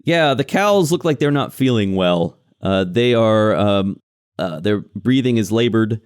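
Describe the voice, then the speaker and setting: A man's voice: lowish voice, expressive, measured pace, clean tone. A man narrating a tabletop game as game master, describing scenes with frequent fillers.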